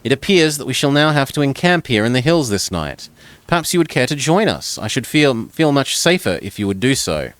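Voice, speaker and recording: A man's voice: sing-song, brisk, no room sound, close to an everyday voice. A courtly young noblewoman with polite, gracious manners, as a man reading a gamebook raises his voice well above his own. The voice is dry and close, with no room around it. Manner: high, polite, courtly delivery.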